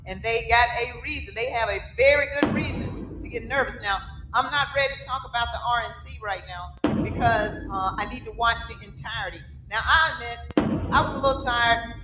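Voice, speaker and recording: A middle-aged woman with a Southern US accent giving emphatic, opinionated political commentary, driving her points home with rhetorical questions. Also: on the high side. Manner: emphatic, punctuates points with rhetorical "okay?" and "right?". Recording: echoey room with loud background music.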